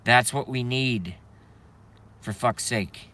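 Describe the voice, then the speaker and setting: Bright-voiced man ranting in his car. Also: mid-range voice, slow, slight background noise. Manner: agitated, swearing ranter. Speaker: live streamer. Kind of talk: ranting live stream. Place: parked car.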